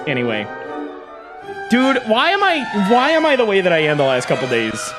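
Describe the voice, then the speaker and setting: A streamer chatting live with viewers, hyper and shouty, swearing a lot and bursting into yells. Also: medium pitch, wildly swooping pitch, moderate pace, music in the background.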